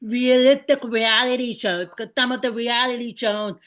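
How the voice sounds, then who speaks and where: A woman hosts a podcast interview, asking questions with chatty enthusiasm. Her voice is fairly high and bright, with a sharp, forceful ring. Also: fairly even intonation, normal speed. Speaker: podcast host. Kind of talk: casual interview chat.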